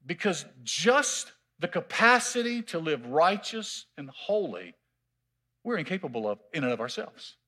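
A man preaching a sermon as pastor in a church, emphatic and drawn-out, repeating his key words. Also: a little high, big pitch swings, bright, forceful tone. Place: church sanctuary.

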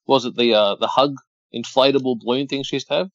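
Man, podcast co-host, casual watch-along chat, play-by-play, mid pitch, dry close sound, dull lo-fi audio. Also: steady tone, quick pace, no echo. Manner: chatty, running play-by-play with laughs.

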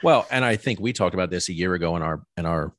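A man hosting a casual podcast chat with friends, relaxed, swearing now and then and steering the group. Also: sits low, fast. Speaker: podcast host.

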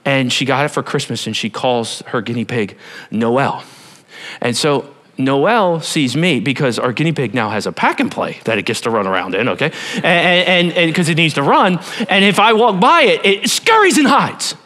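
A man preaching a sermon to a church congregation, animated and playful, talking straight to the people in front of him. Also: medium pitch, normal speed. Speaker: pastor.

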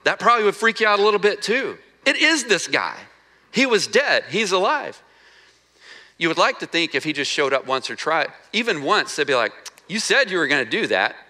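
Bright-voiced male pastor preaching conversationally. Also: high-pitched, sing-song, moderate pace. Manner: conversational preaching with rhetorical questions to the congregation. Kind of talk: sermon.

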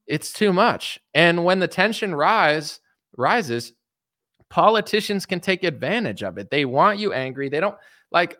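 A man's voice: a little high, expressive, moderate pace, sharp tone, no room sound, clean studio sound. A young man ranting casually about politics, rambling and sarcastic, often breaking into silly mocking voices. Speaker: political commentary host.

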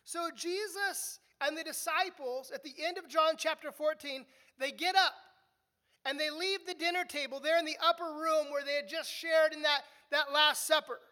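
A woman delivers a verse-by-verse sermon, talking to the congregation as if chatting with them. Her voice sits high and has a bright, forward edge. She often stumbles into repeated words as she restarts a thought. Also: steady tone, moderate pace. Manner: conversational teaching, repeats words when restarting. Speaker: preacher. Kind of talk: expository sermon.

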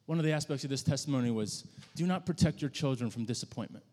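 A man's voice: mid-range voice, a little mellow. Man preaching in a reverberant hall. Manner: conversational, halting with frequent restarts. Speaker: pastor. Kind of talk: sermon storytelling.

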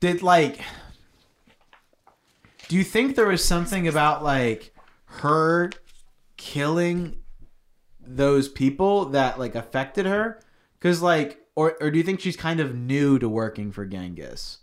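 A man co-hosting a podcast, reading a story aloud and joking between passages, animated and laughing often. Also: fairly high pitch, takes it slowly, pauses often. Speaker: podcast co-host.

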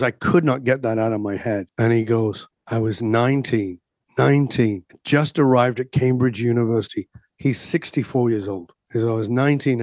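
A man's voice: medium pitch, darkish tone, dry recording. A man in an interview, a coach telling stories and asking rhetorical questions. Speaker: guest coach. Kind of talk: podcast interview talk.

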